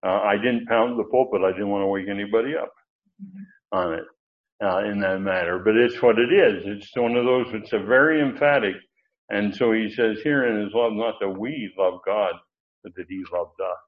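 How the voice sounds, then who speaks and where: An older male pastor preaches in a folksy, rambling way, full of asides and restarts. His voice sits low, and the recording sounds dull and lo-fi. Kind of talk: expository sermon teaching.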